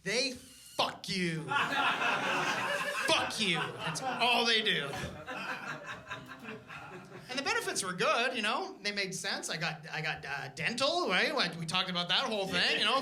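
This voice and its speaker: A man's voice: high-pitched, normal speed, long pauses. A young man from Canada doing a stand-up comedy set, telling stories with acted-out voices. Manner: animated storytelling with acted-out voices. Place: comedy club stage. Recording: live club recording with crowd. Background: audience laughter.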